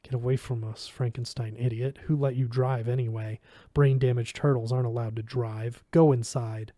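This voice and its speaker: A man's voice: medium pitch, fairly even intonation, moderate pace, warm tone, no echo, clean studio sound, close to an everyday voice. A man reading aloud, voicing a hostile grown man who mutters insults.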